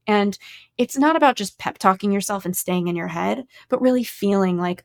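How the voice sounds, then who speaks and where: Woman, podcast co-host, slight vocal fry, earnest explainer. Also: mid-range voice, steady tone, a little fast. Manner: earnest, explanatory, speaks about psychology. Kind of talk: casual podcast chat.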